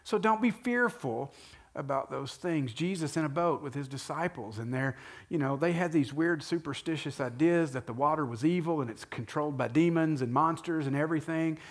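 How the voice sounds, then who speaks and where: A man who is a pastor, talking earnestly in a conversational, sermon-like way and slowing down to stress key phrases. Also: fairly high pitch. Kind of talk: conversational sermon-style talk.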